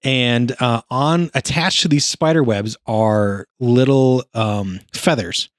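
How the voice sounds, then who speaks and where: A man's voice: mid-range voice, slow pace, no room sound, clean studio sound. A man co-hosting a podcast, easygoing in casual chat, explaining things at length. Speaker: podcast co-host.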